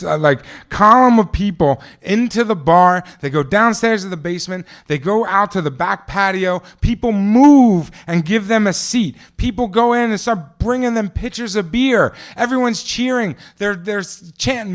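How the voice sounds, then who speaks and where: A man's voice: high voice, normal speed, few pauses. A man from New Jersey telling a vivid first-person story on stage at a live event, talking conversationally with frequent restarts and asides.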